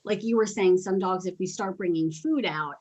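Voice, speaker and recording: A woman hosts a casual podcast in a chatty, animated voice of middle pitch. She tells stories and slips in quick asides. Her delivery sounds easy and conversational. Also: rough recording. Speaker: podcast host and dog trainer.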